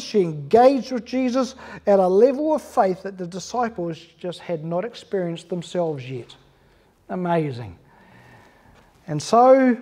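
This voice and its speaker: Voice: medium pitch, darkish tone. A pastor preaching an earnest, emphatic sermon in church, asking the congregation rhetorical questions.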